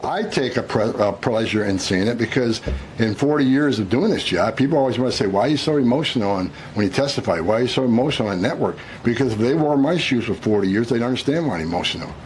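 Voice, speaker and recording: A man's voice: mid-range voice, low-quality recording. An older man, a government official in a played clip, speaking with earnest intensity. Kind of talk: impassioned public remarks. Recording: clip with faint background noise.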